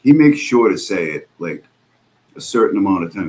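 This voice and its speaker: A man's voice: deep voice, big pitch swings, moderate pace, darkish tone. A man hosting a live stream, reacting to clips with exasperated, sarcastic, profane commentary. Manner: exasperated, sarcastic, swears a lot.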